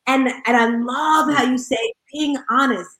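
A high-voiced woman hosts a casual panel chat, upbeat and exclamatory, calling out her points with bursts of loud emphasis. Her voice rings in a roomy, echoing space. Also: a little slow. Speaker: host. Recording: roomy echo.

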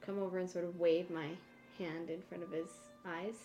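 A woman's voice: fairly low pitch, level tone, dark tone, dull audio, soft background music. A woman playing a tabletop game, talking casually and a little unsure. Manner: casual, unsure, quick asides. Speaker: player.

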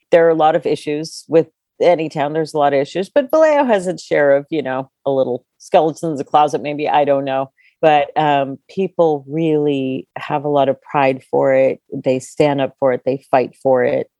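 Low gravelly woman bookseller, enthusiastic. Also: normal speed, no echo, clean studio sound. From California. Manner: warm, enthusiastic, many fillers and restarts. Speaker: bookstore owner. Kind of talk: casual interview chat.

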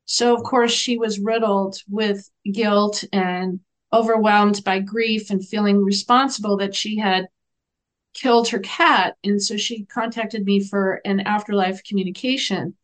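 A woman who works as an animal communicator tells a story as a guest on an interview show, earnest and gentle, acting out the dialogue. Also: medium pitch, a little slow. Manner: animated, acts out the dialogue in her stories.

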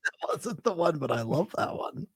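Deadpan sarcastic young co-host. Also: male voice, a little high, normal speed, background noise. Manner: deadpan sarcastic, laughs often. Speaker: podcast co-host. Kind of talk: casual chat.

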